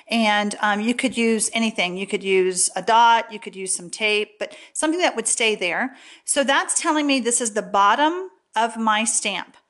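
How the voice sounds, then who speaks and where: A woman's voice: on the high side, fairly bright tone. A woman demonstrating a paper craft in a casual, chatty tutorial, often checking in with "okay?". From Texas.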